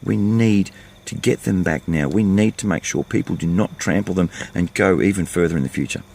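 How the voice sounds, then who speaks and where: A man's voice: sits low, moderate pace, gravelly, a little mellow, slightly rough. Fired-up Australian older man ranting. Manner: fired-up, ranting, blunt and repetitive. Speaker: vlogger. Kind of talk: impassioned monologue to camera.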